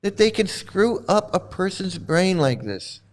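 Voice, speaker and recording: A man's voice: high voice, big pitch swings, a little slow. A male host giving livestream commentary in an emphatic, exasperated way, often repeating himself and swearing. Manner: emphatic, exasperated, repetitive, profane.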